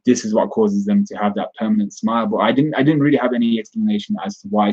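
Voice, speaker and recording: Low husky man recapping a chapter. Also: darkish tone, dull audio. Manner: rambling, frequent restarts and self-corrections. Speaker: manga chapter reviewer. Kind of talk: casual spoken chapter recap and review.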